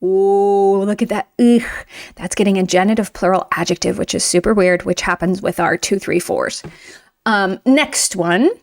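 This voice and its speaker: Chatty woman teaching Russian. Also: mid-range voice. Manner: chatty, emphatic, reads example sentences slowly. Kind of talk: online language lesson.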